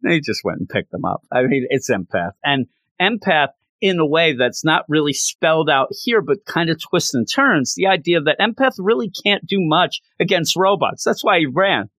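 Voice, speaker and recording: Man, casual story recap, animated, stammering restarts, fairly high voice, dry close sound. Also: moderate pace, no echo. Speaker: comic book commentator.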